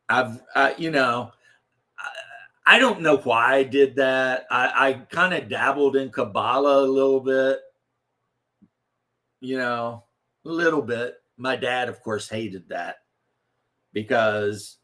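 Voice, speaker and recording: Streamer host, male, slow drawl, meandering chat full of ums. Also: mid-range voice, a bit bright. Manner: slow, rambling, with many fillers and restarts. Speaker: livestream host. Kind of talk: casual livestream chat.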